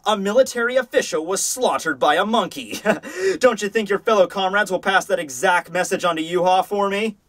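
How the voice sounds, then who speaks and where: A man voicing a cocky teenage boy warrior who shouts defiant challenges. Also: high voice, animated, brisk, dry recording, voice pushed up. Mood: taunting.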